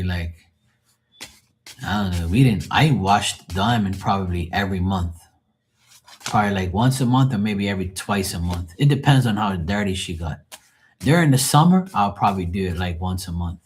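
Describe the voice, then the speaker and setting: A man's voice: low voice, normal speed, a little hiss or hum. A man hosting a live tarot stream, chatting casually in a rambling, profane, joking way.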